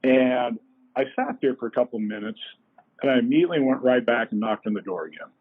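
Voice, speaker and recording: A middle-aged man tells folksy, lively stories as a podcast guest. His voice is husky and sits at an ordinary pitch for a man. The sound is thin and boxy, like a phone line. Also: quick pace. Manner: folksy, animated storyteller. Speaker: company co-founder, guest. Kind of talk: anecdotal storytelling in a podcast interview.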